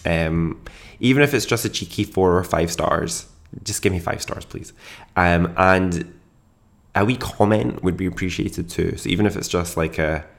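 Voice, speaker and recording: Deep gravelly man, chatty podcast host. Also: normal speed. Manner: chatty, self-deprecating, laughs often. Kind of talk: casual solo podcast chat.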